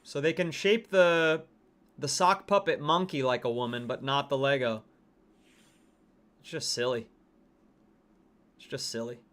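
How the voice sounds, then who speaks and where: A man's voice: medium pitch, steady tone, unhurried, pauses often, a bit bright. A man hosting a game livestream, chatting casually and reading out viewer comments. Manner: chatty, reacting to game skins and chat. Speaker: livestream host.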